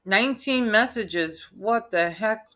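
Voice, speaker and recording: A woman's voice: medium pitch, takes it slowly, a bit bright. A woman hosting a casual live stream, ranting bluntly with frequent restarts.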